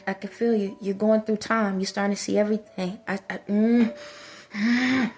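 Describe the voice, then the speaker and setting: A woman's voice: medium pitch, fairly even intonation, moderate pace, darkish tone, soft background music. A woman vlogger giving an impassioned spiritual monologue, repeatedly soothing and urging an unseen listener.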